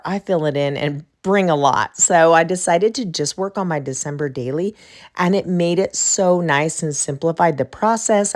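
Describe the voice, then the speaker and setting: A woman hosting a craft tutorial in a low, chatty voice, still a little off as it recovers from a recent illness. She talks through each choice casually as she works, a middle-aged host thinking out loud.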